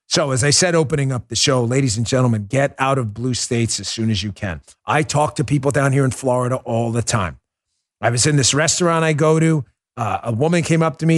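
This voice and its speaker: A man's voice: on the high side, lively intonation, moderate pace. A man hosting a political talk show, lecturing listeners in an emphatic, urgent way. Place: Florida.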